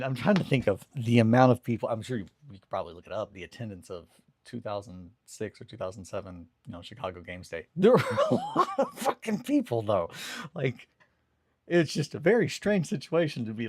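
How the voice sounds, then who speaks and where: A man's voice: medium pitch, huge pitch swings, fairly quick, dry recording. Man, young adult, hobby show host, rambling casual anecdote, dry close sound. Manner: laid-back, self-deprecating, swears casually. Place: home hobby desk.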